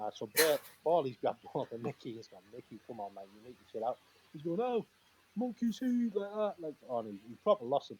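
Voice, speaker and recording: A former footballer, a man, telling lively dressing-room anecdotes on a video call, acting out other people's lines and laughing often. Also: medium pitch, slightly rough, poor audio. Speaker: former professional footballer, guest. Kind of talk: casual storytelling.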